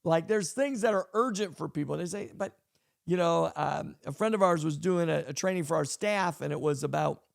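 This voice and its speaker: High, gravelly-voiced pastor talking leadership. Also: male voice, normal speed. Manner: emphatic, repeats key lines for effect. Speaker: pastor and podcast host. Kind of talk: casual leadership talk on a podcast.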